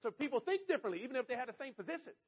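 A man giving a motivational speech to an audience, telling a story in an animated, conversational way. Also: very high-pitched, very fast, slightly rough, lo-fi sound. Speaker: motivational speaker.

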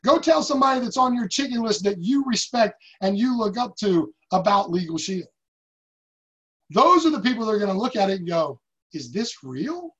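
A man's voice: high-pitched, animated, fairly quick, a bit bright. A man leading a sales team, giving an emphatic motivational talk and telling stories with acted-out quotes. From United States. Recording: dull lo-fi recording.

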